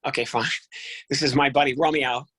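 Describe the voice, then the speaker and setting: A man's voice: mid-range voice, steady tone, a little fast, sharp tone, husky, no room sound, poor audio. A man, a ventriloquist guest, chatting in a casual, affable and joking way. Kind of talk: casual chat.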